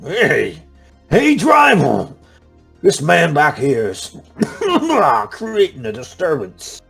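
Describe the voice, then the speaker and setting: A man's voice: a little high, huge pitch swings, drawn-out words, gravelly, fairly bright tone, slightly rough, faint music behind, pitched above the performer's own voice, full character voice. A man voicing an obese, grumbling homeless man on a bus who whines, wheezes and coughs. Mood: whiny.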